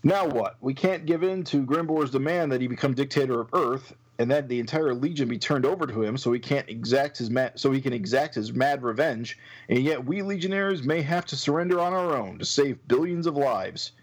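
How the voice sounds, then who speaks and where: A man's voice: mid-range voice, animated, a little fast, close to an everyday voice, rough recording. A determined young heroine pleading urgently for a plan, as a man reading a comic voices her. The delivery is earnest and close to his own voice. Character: determined young woman hero.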